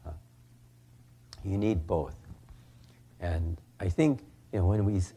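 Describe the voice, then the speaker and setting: A man's voice: fairly low pitch, slow pace, pauses often, mellow, husky. An older man from California, a Buddhist minister giving a folksy storytelling talk, acting out the characters and often asking "huh?".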